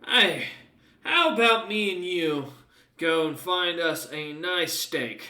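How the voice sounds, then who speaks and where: A man voicing a gruff, crude male warrior captain who talks in a boisterous, teasing way. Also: a little high, lively intonation, slow, bright, forceful tone, echoey room, recorded from a distance, voice pushed up, heavily acted. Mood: jovial.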